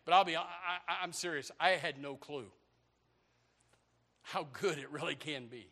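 An older man preaching a sermon, animated and joking, with bursts of shouting. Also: fairly high pitch, normal speed. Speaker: pastor.

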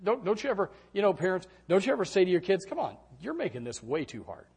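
A middle-aged man delivers a sermon with a lively, swooping voice pitched a little high. He moves between quiet reflection and animated storytelling, and he shouts the lines he quotes. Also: fast talker, slightly rough. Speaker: pastor.

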